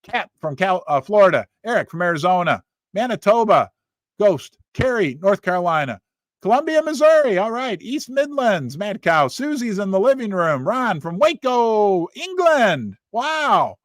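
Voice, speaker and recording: A middle-aged man hosting a livestream in a casual chat style, reading viewers' names and places aloud in quick, animated bursts. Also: sits high, no echo. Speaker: livestream host.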